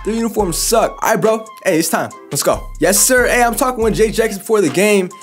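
A young man giving hyped, trash-talking commentary over his basketball video game, reacting fast to every play. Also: high voice, soft background music. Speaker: gaming YouTuber. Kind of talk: excited gameplay commentary.

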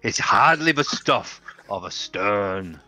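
A man's voice: lowish voice, expressive, slow pace, pushed and bright, dry recording, faint music behind. A man playing a tabletop game, finishing a story in a dry, understated way. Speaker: player.

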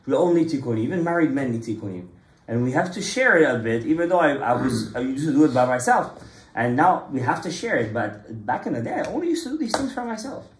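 Male Torah teacher, animated storyteller with a higher voice, informal class in an echoey room. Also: fairly quick, slight background noise. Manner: lively storytelling, mixes in Hebrew and Kabbalah terms.

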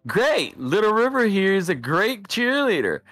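A woman's voice: mid-range voice, big pitch swings, moderate pace, a bit bright, no room sound, soft background music. A woman voicing a cheerful, friendly young dad in a game. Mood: upbeat. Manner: upbeat, friendly.

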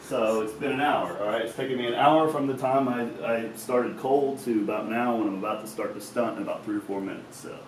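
A man's voice: medium pitch, fairly quick, hardly any pauses, slight background noise. A man talking casually through his stretching routine, loose and chatty and swearing at times, a little out of breath. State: slightly out of breath. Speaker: fitness vlogger. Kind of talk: casual instructional talk. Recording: echoey room, mic at a distance.

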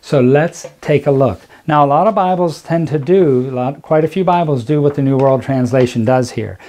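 A man with a warm, mellow voice talks through scripture in a deliberate, emphatic way. He slows down and leans on the words that matter to him. He speaks as the host of his own channel. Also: mid-range voice. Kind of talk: commentary with bible reading.

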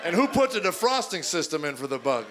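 A man's voice: a little high, sing-song, quick pace, crowd noise. A middle-aged man performing a stand-up comedy routine on stage before a live audience, telling stories and acting out other people's voices. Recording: noisy live recording with audience laughter.

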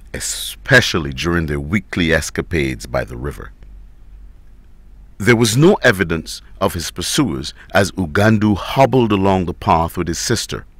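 A man reading a story aloud as narrator, in a dramatic, expressive way. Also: sits low, dry recording.

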